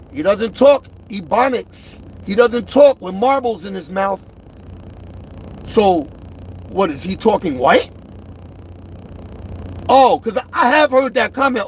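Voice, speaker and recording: Emphatic high-voiced man, animated. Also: slight background noise. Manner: emphatic, repeats himself, swings between loud and quiet. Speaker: truck driver vlogger. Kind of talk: direct-to-camera rant.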